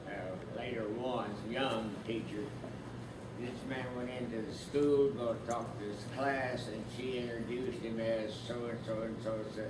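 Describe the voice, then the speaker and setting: An older man, a veteran, making slow, emphatic remarks about the war. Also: medium pitch, fairly even intonation. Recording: distant voice in a noisy crowded echoey room.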